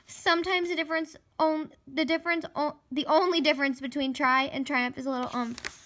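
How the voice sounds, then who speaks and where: High-voiced, gushing young woman vlogger. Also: moderate pace. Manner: gushing, excitable, gasping. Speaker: fitness vlogger. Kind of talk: casual vlog.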